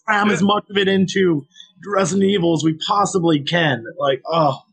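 A man with a husky, slightly rough voice chats casually on a gaming podcast. He rambles through his points and laughs as he talks. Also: sits high, moderate pace, fairly bright tone. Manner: rambling, chatty, laughs while talking. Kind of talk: casual chat.

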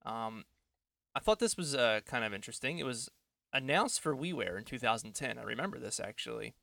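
A man co-hosting a casual podcast chat from home, rambling, self-deprecating, and quick to laugh. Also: mid-range voice, animated, creaky, sharp tone, dry recording. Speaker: podcast co-host.

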